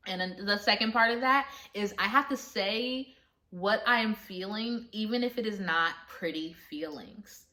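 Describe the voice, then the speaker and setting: A woman's voice: mid-range voice, sharp tone. A young adult woman talking to viewers in a candid personal vlog, earnest and confessional, often laughing. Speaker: vlogger.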